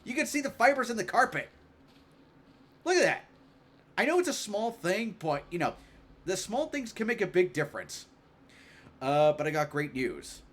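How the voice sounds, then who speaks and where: A man streaming a game live, chatting casually, joking, thinking out loud with lots of fillers, and reading game dialogue aloud. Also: sits high, huge pitch swings, moderate pace, pauses often.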